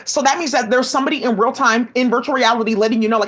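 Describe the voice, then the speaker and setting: A commentary vlogger talks into her home mic in a slightly high voice, very fast and with few pauses. Her commentary rambles and swears, packed with restarts, agitated asides and fillers.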